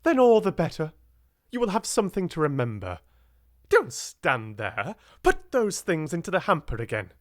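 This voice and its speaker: A man voicing a stern, furious woman headmistress who scolds in a withering, shrill tone. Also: huge pitch swings, moderate pace, no room sound, clean studio sound. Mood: scolding.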